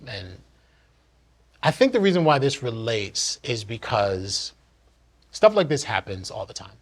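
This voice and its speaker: Earnest husky-voiced man telling a story. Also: mid-range voice, sing-song, measured pace. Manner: earnest, candid, reflective. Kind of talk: personal story told in one take.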